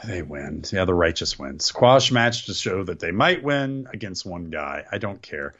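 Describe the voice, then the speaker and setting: Sarcastic man, lively lo-fi podcast voice. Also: low-pitched, unhurried. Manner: sarcastic, complaining, trips over words. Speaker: podcast co-host. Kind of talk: casual wrestling recap chat.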